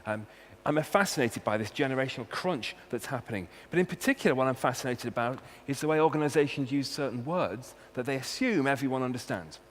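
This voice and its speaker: A man's voice: mid-range voice, fast talker, hardly any pauses. A man with a Welsh accent, a university researcher giving a humorous talk and hitting key words with punchy emphasis. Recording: long hall reverb, faint hum.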